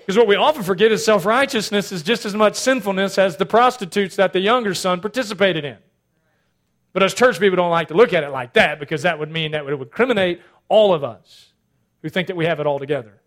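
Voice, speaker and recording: Animated high-voiced preacher man. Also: fast talker. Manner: animated preaching, swings from loud emphatic to hushed asides. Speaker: pastor. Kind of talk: sermon.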